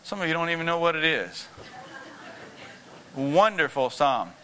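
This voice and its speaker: High bright-voiced preacher calling out. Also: male voice, big pitch swings, a little slow. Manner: emphatic, repetitive, calls for congregation responses. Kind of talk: sermon.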